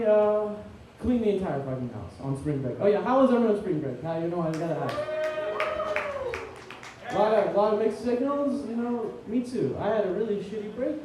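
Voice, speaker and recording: A man doing a stand-up set, telling a story about his girlfriend and roommate with animated, rambling delivery. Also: high voice, noisy background. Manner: animated storytelling, swings loud for acted quotes. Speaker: comedian. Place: comedy club stage. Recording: echoey room from far off.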